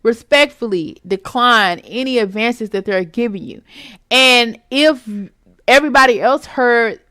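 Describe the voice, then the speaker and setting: A woman hosts her own vlog and delivers a chatty, emphatic commentary, calling the listener "baby". Her voice sits a little high. The sound is dry, with no room echo. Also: measured pace, pushed and bright. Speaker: vlog host giving opinions. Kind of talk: casual commentary.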